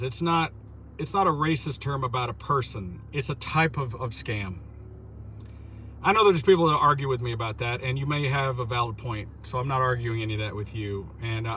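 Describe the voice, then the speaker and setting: A man's voice: mid-range voice, slight background noise. A man vlogging outdoors in a city on his phone, rambling, repeating words and retelling conversations. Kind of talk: casual vlog recap.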